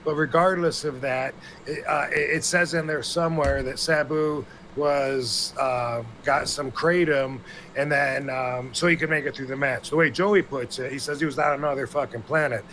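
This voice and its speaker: A man's voice: mid-range voice, steady tone, moderate pace, sharp tone, a little hiss or hum. A man co-hosting a podcast, talking in a rambling, blunt and profane way. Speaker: podcast co-host. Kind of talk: casual podcast chat.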